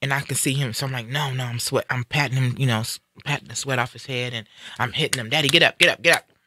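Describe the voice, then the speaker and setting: Bright-voiced man hosting a candid live stream. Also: mid-range voice, fast. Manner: earnest, reflective, animated when quoting others. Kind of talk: candid personal storytelling.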